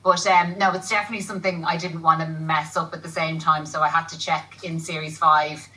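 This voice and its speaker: A woman's voice: low-pitched, level tone, a little fast, sharp tone, recorded from a distance, rough recording. A woman, an actress guest, chatting casually on a TV show, laughing often and rambling a little. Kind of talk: casual TV chat. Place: TV studio.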